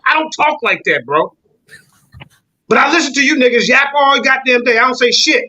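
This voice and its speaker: A man's voice: very high voice, lively intonation, moderate pace, bright, forceful tone, muffled recording. A man, arguing heatedly on a call-in panel and insisting he not be interrupted. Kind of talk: heated argument.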